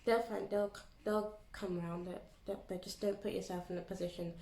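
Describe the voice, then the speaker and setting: A young woman chatting casually to her vlog audience in an animated, storytelling way. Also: mid-range voice, normal speed, a little hiss or hum. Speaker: YouTuber. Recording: echoey room.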